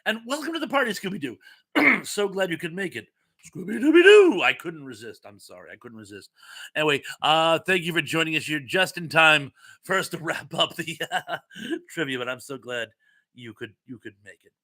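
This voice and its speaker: A man hosts a relaxed live-stream chat, quizzing viewers on trivia between lively stories. His voice is bright and forceful, and he pokes fun at himself as he talks. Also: on the high side, a little fast. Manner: animated, chatty storyteller with self-mocking asides.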